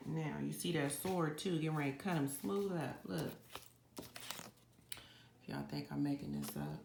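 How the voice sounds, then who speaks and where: Gravelly low-voiced woman doing a card reading. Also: unhurried. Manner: chatty, conversational, addresses viewers directly. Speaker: psychic card reader. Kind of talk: casual reading monologue to viewers. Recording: echoey room with steady background noise.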